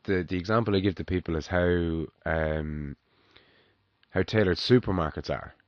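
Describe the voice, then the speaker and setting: A man's voice: low-pitched, normal speed, no echo. A man in a casual podcast chat who swears freely and explains things with examples. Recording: dull, dry sound.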